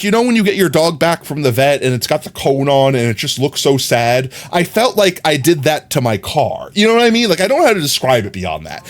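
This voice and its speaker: A man streaming a game, chatting casually and telling a long rambling story with many fillers. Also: fairly high pitch. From New York. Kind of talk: casual chat while gaming.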